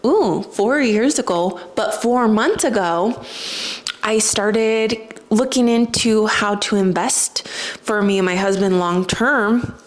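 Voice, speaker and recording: A young woman speaks in a loose, chatty vlog voice, full of "like" and little asides. Her pitch sits in an ordinary middle range. She comes across as open and emotional as she tells her story. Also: slow pace. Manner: chatty, emotional, says "like" often. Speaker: spiritual vlogger. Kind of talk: casual storytelling to camera.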